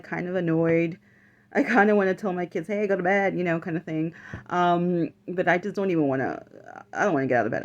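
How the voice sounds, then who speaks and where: A woman's voice: fairly low pitch, vocal fry. A woman vlogger telling a personal story in casual chat, full of fillers and the odd swear word.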